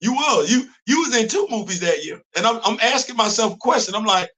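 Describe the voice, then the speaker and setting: A man's voice: high-pitched, animated, a little fast, a bit bright. A man hosting a comic book morning show, talking casually and emphatically to his audience with a worn-out voice. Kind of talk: casual talk-show commentary.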